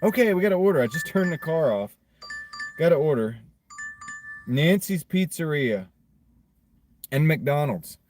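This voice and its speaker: A man's voice: a little high, animated, measured pace, long pauses, a little mellow, soft background music. A man chatting casually on a live stream as a delivery driver, rambling and reading out his orders. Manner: rambling, chatty, reads out orders and answers chat. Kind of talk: casual live-stream chat while driving. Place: inside a car. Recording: noisy car interior.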